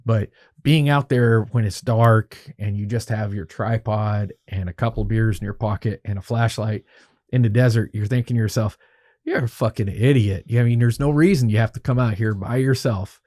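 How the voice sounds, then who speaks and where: A man's voice: lowish voice, normal speed. Profane storytelling man on a podcast. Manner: animated, profanity-laced, acts out quoted dialogue. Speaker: podcast guest. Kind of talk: casual storytelling.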